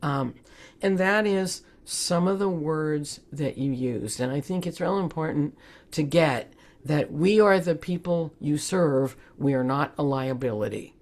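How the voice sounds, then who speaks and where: A woman's voice: low-pitched, lively intonation, unhurried, darkish tone. A woman presenting in a webinar, talking in an earnest, conversational way. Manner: conversational, laughs often, earnest. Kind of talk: webinar talk.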